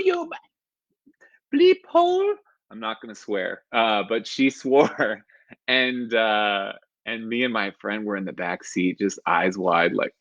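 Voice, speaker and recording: A man's voice: on the low side, a bit bright, no room sound. A stand-up comedian in his thirties from the San Francisco Bay Area, telling a personal story on a live stream, chuckling often and rambling with fillers. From San Francisco Bay Area, California. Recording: dull lo-fi live-stream audio.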